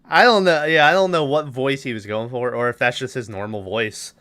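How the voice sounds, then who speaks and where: A man's voice: medium pitch, fairly even intonation, a little fast, a bit bright. A man hosting a podcast, recapping a film in a rambling, casual way, swearing and acting out lines. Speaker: podcast host.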